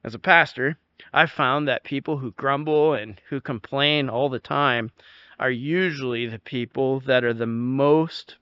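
A man's voice: medium pitch, unhurried, clean tone, no echo, highs cut off. A male pastor preaching a sermon, emphatic, telling stories and laughing now and then.

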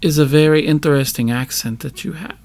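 A man's voice: on the high side, a little fast, gravelly, darkish tone, voice pushed up. A man voicing a friendly, curious young man in his twenties who speaks English with a heavy French accent.

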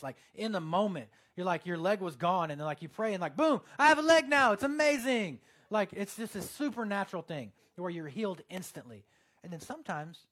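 A man preaching to his church in a somewhat high voice. He talks like he is chatting with the congregation, teasing them with jokes, then leans in with earnest emphasis. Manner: conversational, joking asides to the congregation. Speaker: pastor. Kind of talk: sermon.

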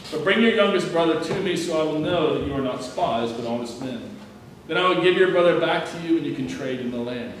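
Man reading scripture in an echoey room. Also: on the high side. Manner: measured, plain reading with occasional stumbles and restarts. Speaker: scripture reader. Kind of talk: reading a Bible passage aloud. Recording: very echoey room, distant mic, faint ambient noise.

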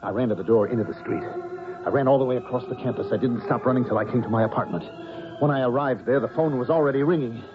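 An actor playing a quiet astronomy professor who protests and narrates his ordeal, in a 1970s radio drama. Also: mid-range voice, quick pace, over music, natural voice. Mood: narrating. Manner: indignant, protesting. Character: quiet, retiring male astronomy professor, indignant. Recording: dull vintage radio recording with faint hiss.

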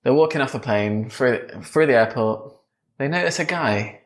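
Lively improv storyteller. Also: medium pitch, moderate pace.

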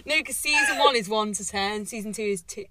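A woman's voice: mid-range voice, fairly quick, heavy background noise. A young woman co-hosting a podcast, chatting casually and giggling often, recorded outdoors. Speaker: podcast co-host. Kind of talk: casual chat. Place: outdoors in a cemetery at sunset.

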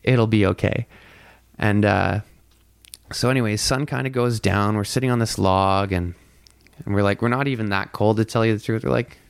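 Casual male storyteller, low gravelly voice, filler-heavy and profane, dry close-miked sound. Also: fairly even intonation, moderate pace, dry recording. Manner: rambling, heavy on "like" fillers, swears freely. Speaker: podcast guest telling a story.

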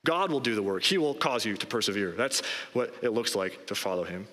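A man preaching a sermon as pastor, emphatic and rising in pitch on key phrases. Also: expressive, a little fast, fairly bright tone. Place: church sanctuary. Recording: long hall reverb.

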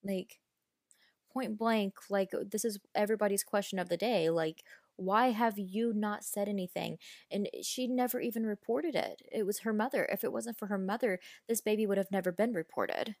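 On a podcast mic, a woman hosts a true crime show, retelling a case casually in a chatty, frank, opinionated way with the occasional mild swear. Her voice is medium-pitched, a little mellow, at normal speed, in a dry, studio-quality recording.

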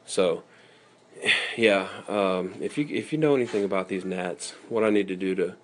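A man's voice: low-pitched, normal speed, a little hiss or hum. A man hosting a casual radio talk show, rambling with restarts and joking asides, from the US South.

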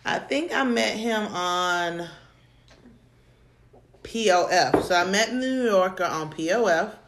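A woman with a low voice chats casually about dating, telling stories in an animated way with frequent laughs. She sounds like she is in an echoey room. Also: takes it slowly, noisy background. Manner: animated storytelling, laughs often. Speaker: podcast co-host.

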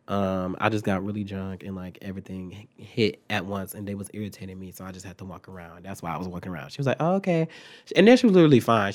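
Young guy doing a storytime vlog, cussing a lot, voice jumps way up for quotes. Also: gravelly. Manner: animated, profane, swings pitch and volume when quoting people. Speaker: vlogger.

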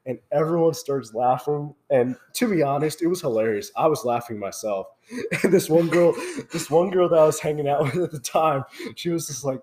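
On his podcast, a young male host spins a funny tale casually, laughing while he speaks. He talks at a normal speed with a voice on the high side, full of animation.

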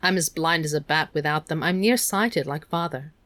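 A woman's voice: low-pitched, normal speed, fairly bright tone, no echo. A woman voicing Meg, a teenage girl who is anxious and tearful, speaking shakily. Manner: shaky, miserable delivery.

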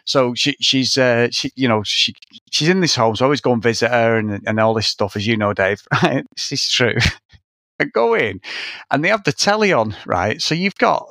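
Sweary, animated British podcast host. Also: male voice, mid-range voice, normal speed, no echo. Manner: sweary, rambling storytelling with laughs. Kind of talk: casual chat.

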